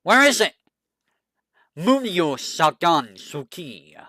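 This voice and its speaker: This is a streamer in casual chat who thinks out loud, asks itself questions and stumbles through the bios it reads. The voice is bright and swings widely in pitch. It takes its time, and the dry, close sound has no room echo. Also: very animated, slow. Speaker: VTuber streamer. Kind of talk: casual stream chat, browsing game characters.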